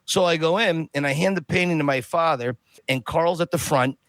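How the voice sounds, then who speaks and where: A man guest on a podcast, telling a long story in a casual, animated way and acting out the people in it. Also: a little high, fairly quick, no room sound. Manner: animated, acts out quoted voices.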